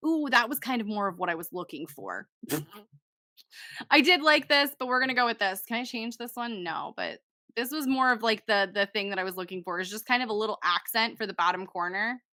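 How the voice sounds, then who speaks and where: A young woman hosting a casual software tutorial, chatting to herself as she works and poking fun at her own choices. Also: medium pitch, animated, a little fast, no room sound, clean studio sound. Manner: chatty, talks to herself while working, self-deprecating. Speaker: tutorial host.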